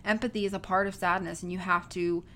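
A woman's voice: fairly low pitch, steady tone, fast, fairly bright tone, slight background noise. A woman in casual conversation, explaining a film's ideas in a chatty way. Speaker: co-host discussing a film. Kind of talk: casual chat.

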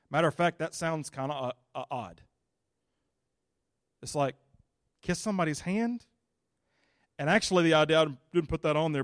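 A male pastor preaching a sermon in a folksy, casual, animated way. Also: high-pitched, no room sound, studio quality.

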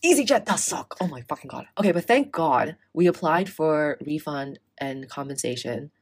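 Young woman, low voice, animated casual storyteller, swears, acts out dialogue. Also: moderate pace. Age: young adult. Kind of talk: casual chat.

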